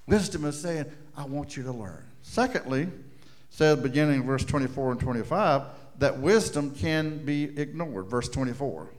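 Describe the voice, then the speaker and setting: A middle-aged man preaching a sermon, swinging from loud declarations to hushed asides and slowing down for emphasis. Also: mid-range voice. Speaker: pastor.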